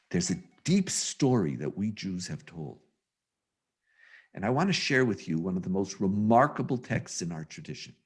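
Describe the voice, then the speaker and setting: A man who is a rabbi, giving a humorous storytelling lecture over a video call in an animated, self-mocking way. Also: deep voice, breathy edge.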